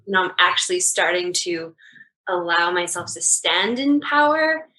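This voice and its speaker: Bright-voiced woman talking candidly. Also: on the low side, expressive, normal speed, poor audio. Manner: candid, laughs easily, many "like" fillers. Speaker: guest. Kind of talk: casual reflective conversation.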